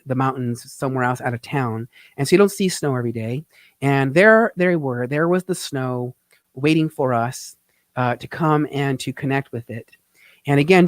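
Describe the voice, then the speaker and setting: A tax teacher from Phoenix, Arizona, hosts a live show, narrating over his travel photos in a slightly high voice. He's earnest and reflective, halting with fillers as he grows emotional, and the sound is dry and close.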